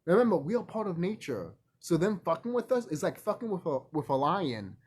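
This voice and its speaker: A man's voice: high-pitched, very animated, brisk, darkish tone, slightly rough. A man talking in a casual, rambling vlog monologue, emphatic and profane, repeating himself and laughing often. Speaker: vlogger.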